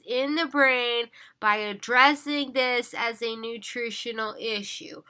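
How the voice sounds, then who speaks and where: A woman's voice: a little high, steady tone, slow, few pauses, pushed and bright, clean tone. Tired, pleading woman with a lilt. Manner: earnest, pleading, with repetitions and restarts. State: tired, yawning. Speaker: vlogger. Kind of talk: casual monologue to camera.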